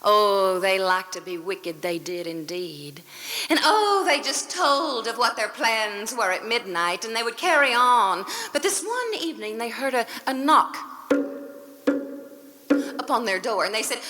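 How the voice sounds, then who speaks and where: A woman tells a folk tale in a rhythmic, dramatic way, sometimes sinking to a whisper. Her voice is bright and lifted, swinging widely in pitch. She takes her time. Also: lively intonation, unhurried. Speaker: storyteller.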